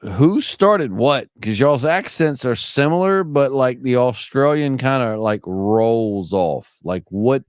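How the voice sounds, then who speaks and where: Man, podcast host, jokey, animated, medium pitch, dry sound. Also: takes it slowly, hardly any pauses, clean tone, dry recording. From American South, born in Louisiana. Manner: animated, jokey, drops into funny accents. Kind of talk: casual chat.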